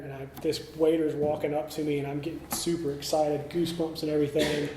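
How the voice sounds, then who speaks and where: A man's voice: on the high side, little pitch movement, fairly quick, dark tone, slight background noise. A middle-aged man speaking at a recovery meeting, telling his story candidly with many fillers and restarts. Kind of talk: recovery talk. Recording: echoey meeting room, faint ambience.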